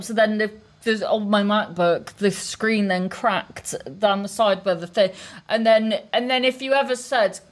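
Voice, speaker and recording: A woman tells stories at a rush, tripping over her own sentences and restarting mid-thought, with laughs breaking through. Her voice is pitched a touch above average. It sounds like relaxed, candid podcast conversation. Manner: quick, self-interrupting storyteller with frequent laughs. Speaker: comedian and podcast co-host. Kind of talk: casual chat.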